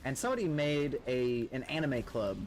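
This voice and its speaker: A man's voice: medium pitch, very animated, normal speed. A man streaming a game with friends, rambling through a funny work story, swearing freely and laughing at himself. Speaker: streamer playing with guildmates. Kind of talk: casual storytelling while gaming.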